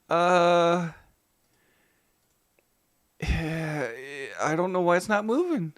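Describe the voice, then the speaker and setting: Lively-pitched man chatting on stream. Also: extremely slow, long pauses, no echo, clean studio sound. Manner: muttering to himself while fixing tech, greeting chat by name. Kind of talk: casual live-stream chat.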